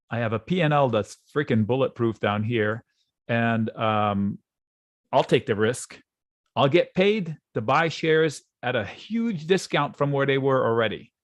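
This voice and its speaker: A man teaching options trading in a relaxed, conversational way, acting out panicked traders in quick asides while he draws on charts. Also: medium pitch, no echo. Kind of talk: screen-share trading lesson. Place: at a computer, drawing on charts.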